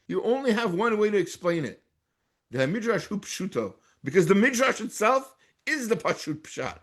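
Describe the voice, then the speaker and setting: A man's voice: high-pitched, sing-song, normal speed. A man with an American accent teaching a Torah class as a rabbi. He reads Hebrew texts aloud and translates them, with frequent restarts.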